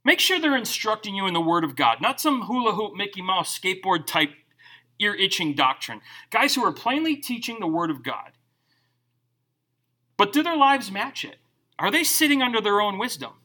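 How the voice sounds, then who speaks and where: A man's voice: high-pitched, moderate pace. A middle-aged male pastor preaching a sermon, joking and acting out quotes as he tells stories. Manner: animated, joking storyteller who acts out quotes.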